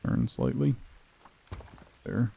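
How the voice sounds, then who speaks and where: A man's voice: medium pitch, very slow, vocal fry, slightly rough. A man streaming a building game, chatting casually and teasingly with viewers. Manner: playful, teasing chat with viewers; soft cooing baby talk to a pet. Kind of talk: casual gameplay chat.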